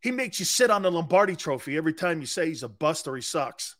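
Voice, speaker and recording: A middle-aged American man hosting a sports radio show, brash and laughing, swinging from shouting to muttering as he swears and riffs. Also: a little high, very animated, quick pace. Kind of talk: loud casual sports talk.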